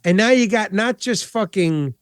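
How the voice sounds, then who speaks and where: High-voiced, profane rambling man. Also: lively intonation, normal speed, clear, resonant tone, no room sound, clean studio sound. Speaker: podcast host. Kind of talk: casual chat.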